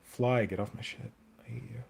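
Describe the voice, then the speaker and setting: A man's voice: medium pitch, fairly even intonation, moderate pace, creaky, darkish tone, husky. Chatty man streaming his hobby. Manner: rambling, chatty, answers viewer comments aloud. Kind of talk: casual live-stream chat while sculpting.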